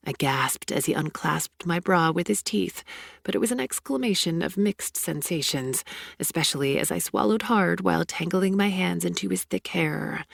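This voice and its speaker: Low gravelly woman narrating romance. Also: moderate pace, no echo, studio quality. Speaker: audiobook narrator. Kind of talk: first-person romance audiobook narration.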